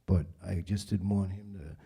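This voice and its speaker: A man answering audience questions about directing in a relaxed, rambling way. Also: deep voice, moderate pace, creaky, husky. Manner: relaxed, rambling, frequent fillers. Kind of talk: casual panel Q&A talk.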